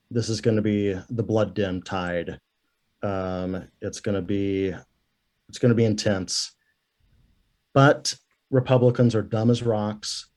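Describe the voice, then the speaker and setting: A man's voice: lowish voice, warm tone. A man guest on a podcast, talking politics in a rambling, self-correcting way. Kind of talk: casual political chat.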